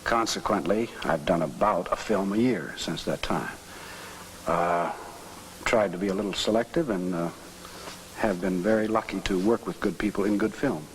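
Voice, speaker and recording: Measured, hesitant male actor. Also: deep voice, a little hiss or hum, low-quality recording. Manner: measured, thoughtful, many hesitations. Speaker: actor being interviewed. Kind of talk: casual interview answers.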